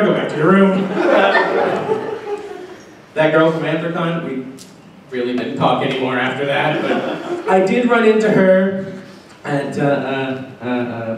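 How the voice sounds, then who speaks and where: A young Canadian man performing a crude, self-mocking stand-up comedy set at a convention, with filler pauses between punchlines. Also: fairly high pitch. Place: convention hotel function room with live audience. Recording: very echoey, distant camcorder sound with faint room noise.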